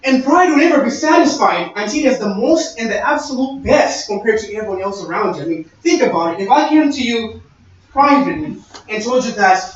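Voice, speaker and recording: A man's voice: extremely high pitch, expressive, fairly quick, fairly bright tone. A young man giving a sermon-style talk, conversational and storytelling with quoted dialogue. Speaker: speaker. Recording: echoey, distant, dull-sounding room recording.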